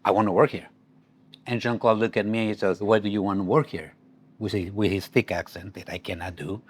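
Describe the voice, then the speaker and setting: A man's voice: fairly low pitch, brisk, breathy edge. A man with a French accent in an interview, telling an anecdote and acting out the dialogue. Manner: animated, acts out quoted dialogue. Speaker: longtime restaurant staff.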